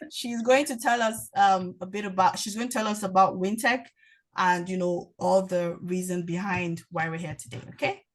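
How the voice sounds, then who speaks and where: A woman's voice: mid-range voice, fairly even intonation, moderate pace. Enthusiastic woman introducing a speaker. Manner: enthusiastic, repeats phrases for emphasis.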